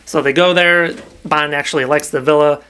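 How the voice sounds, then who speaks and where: A man's voice: on the high side, steady tone, moderate pace, sharp tone. A young man casually retelling a novel's plot on a podcast, rambling with lots of fillers and the odd swear. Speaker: podcast co-host recapping a novel. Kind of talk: casual chat.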